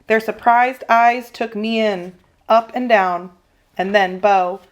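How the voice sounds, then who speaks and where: A woman teacher reading a children's novel aloud in a steady, expressive storytelling voice. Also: medium pitch, slow, highs cut off. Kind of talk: children's read-aloud narration.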